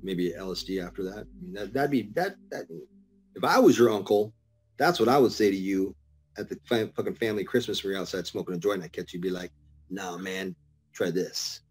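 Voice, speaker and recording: A man's voice: on the low side, lively intonation, fast talker, slightly rough. A middle-aged man chatting as a podcast guest, telling stories full of swearing and laughter. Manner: profane, laughing storyteller. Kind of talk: casual podcast chat.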